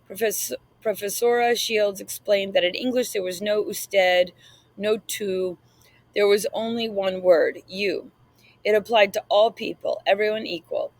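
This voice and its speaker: A woman reading an audiobook aloud, narrating in the first person in a measured, reflective way. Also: mid-range voice, fairly even intonation, no room sound, low-quality recording.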